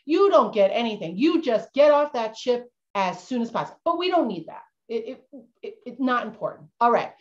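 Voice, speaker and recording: A woman's voice: fairly high pitch, big pitch swings, moderate pace. A woman playing a bumbling, jittery male schooner captain who insists he isn't cursed, in a storytelling role-play for kids over a video call. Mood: instructive. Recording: dull lo-fi video-call audio.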